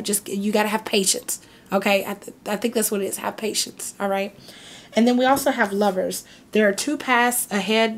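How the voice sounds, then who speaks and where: A woman doing a casual tarot reading, chatty and reassuring, who keeps checking in with "okay?" and "right?". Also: medium pitch. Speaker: tarot reader.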